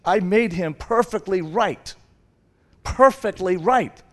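A man's voice: high-pitched, slow, pitched above the performer's own voice. A man voicing God as a loving father who insists his child is perfect, acted out within a sermon. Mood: insistent. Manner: protective, insistent.

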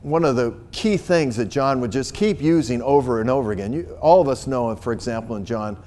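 A man's voice: mid-range voice, lively intonation, a little fast, dark tone. A man preaching a sermon as pastor, earnest and emphatic, often restarting and repeating words as he builds to his points.

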